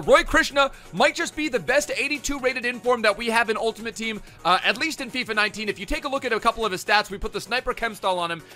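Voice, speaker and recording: A man hosting a video game player review, running through stats energetically with frequent fillers. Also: high voice. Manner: energetic, rapid stat rundown with fillers. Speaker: gaming YouTuber.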